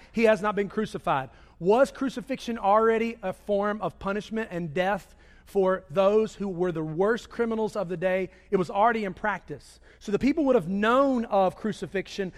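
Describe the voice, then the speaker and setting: A man preaching a sermon, swinging between loud raised delivery and hushed low passages. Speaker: pastor. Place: church sanctuary. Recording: long reverb of a large hall.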